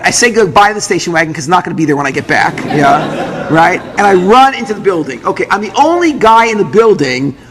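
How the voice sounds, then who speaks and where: A man, a rabbi, telling a personal story to an audience, acting out the dialogue in an animated way. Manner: lively, acts out dialogue with big pitch jumps. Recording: roomy hall with long reverb, faint noise.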